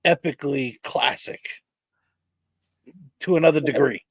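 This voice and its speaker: A man on a pop culture panel who talks in a profane, animated way and tells stories with plenty of energy. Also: a little high, unhurried, no echo. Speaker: panel guest. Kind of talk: casual pop culture chat.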